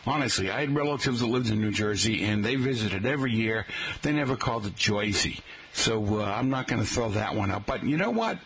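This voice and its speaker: A man's voice: fairly low pitch, lively intonation, fast talker, a bit bright, rough recording. Folksy male teacher. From Boston area, Massachusetts. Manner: folksy, spells out words letter by letter, calls listeners folks. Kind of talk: talk-radio style lesson on regional pronunciation.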